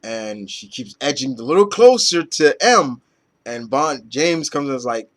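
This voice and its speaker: A man's voice: medium pitch, animated, unhurried, a bit bright. A man reviewing comic books in a loose, rambling chat full of fillers and casual swearing.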